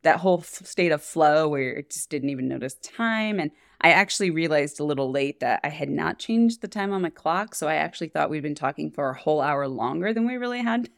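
A woman's voice: low-pitched, lively intonation, fairly quick, creaky, dry recording, studio quality. A woman entrepreneur co-hosting a podcast, chatting casually in an earnest, gushing way. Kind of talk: casual chat.

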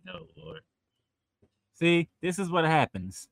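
A man's voice: a little high, wildly swooping pitch, normal speed, pushed and bright, no room sound. A man co-hosting a football podcast, teasing and bantering playfully with his co-hosts. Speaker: podcast co-host. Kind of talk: casual sports chat.

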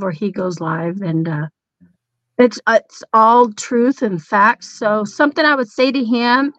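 A woman's voice: on the high side, fairly bright tone, dry recording, highs cut off. A woman chatting casually and bluntly on a comedy panel, cursing freely and laughing between remarks. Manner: profane, giggly, blunt.

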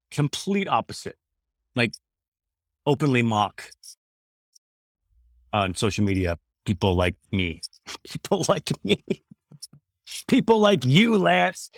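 A man's voice: lowish voice, no echo, studio quality. A man in his thirties talking casually as a guest, earnest and rambling, often restarting his sentences. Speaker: guest, former radio host. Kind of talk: casual conversation.

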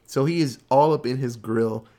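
A man's voice: medium pitch, moderate pace. Casual man retelling a movie plot. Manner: loose, animated retelling with many fillers and swearing.

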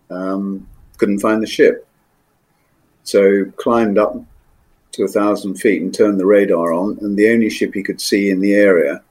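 An older man, a former naval pilot, recalling his flying days in an interview, measured and hesitant with frequent ums. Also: low voice, a little mellow, husky. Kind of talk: interview recollection.

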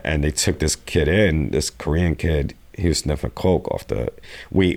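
A man with an extremely low voice tells a long story in a casual interview. He talks loosely and profanely, and he often acts out what other people said. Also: a little mellow. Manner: profane, rambling, acts out quotes. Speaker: guest.

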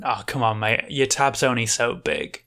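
A woman voicing a gruff pub bartender, blunt and dismissive. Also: a bass voice, expressive, normal speed, fairly bright tone, pitched below the performer's own voice, full character voice. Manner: blunt, repeatedly says mate.

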